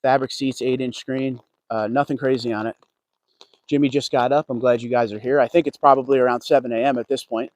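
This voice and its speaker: Man, chatty vlogger, mid-pitched, dry close sound, greets viewers by name. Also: fairly even intonation, fairly quick, dry recording. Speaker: car vlogger. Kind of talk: casual livestream walkaround. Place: outdoors at a car dealership lot.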